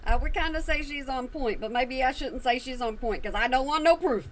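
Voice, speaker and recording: A woman's voice: sits high, brisk, slight background noise. A woman hosting a reaction video, throwing sassy, scolding asides at a clip. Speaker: reaction commentary host. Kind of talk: reaction commentary.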